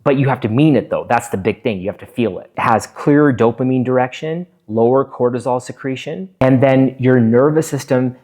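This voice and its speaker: A man's voice: mid-range voice, moderate pace, few pauses, a little mellow. A middle-aged man, a physician hosting his own video, explaining in a casual monologue and acting out bits of inner self-talk. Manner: earnest, acts out inner self-talk in quotes.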